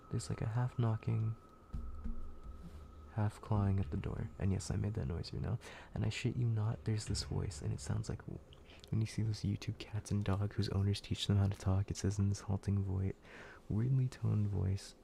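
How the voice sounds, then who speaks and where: A man's voice: fairly low pitch, creaky, dark tone, a little hiss or hum. A man streaming, narrating a scary story in a casual, profane, laid-back way with frequent restarts.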